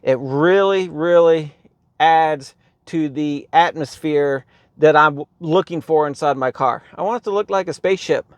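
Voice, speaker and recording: A man's voice: fairly high pitch, unhurried, no room sound. Rambling man showing off his car. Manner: rambling, relaxed, lots of ums and "right here". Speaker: car vlogger. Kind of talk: casual how-to vlog. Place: inside a car.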